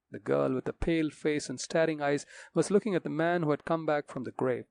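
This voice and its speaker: A man narrating a mystery audiobook in a measured, dramatic reading. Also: a little high, creaky, darkish tone, dry recording.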